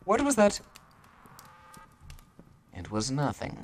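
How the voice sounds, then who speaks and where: A man hosting a comedic horror game let's play, joking and yelling in a frantic way. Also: on the high side, wildly swooping pitch, takes it slowly, a little hiss or hum. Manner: frantic screaming and joking voices. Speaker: gaming video host.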